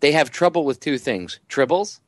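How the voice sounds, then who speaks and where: A man's voice: fairly high pitch, sing-song, normal speed, no room sound. A man co-hosting a talk radio show, telling rambling, conspiratorial stories in casual banter. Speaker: radio co-host.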